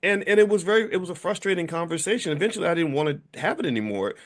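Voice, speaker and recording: A middle-aged man with a high, animated voice hosts a casual conversation, talking rapid-fire and rambling with lots of restarts and fillers. He is the founder of a business school.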